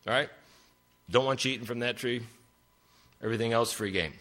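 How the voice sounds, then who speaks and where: A man's voice: medium pitch, fairly bright tone, lightly acted. A man voicing God as a casual, offhand speaker listing garden rules. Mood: breezy. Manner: offhand, rapid.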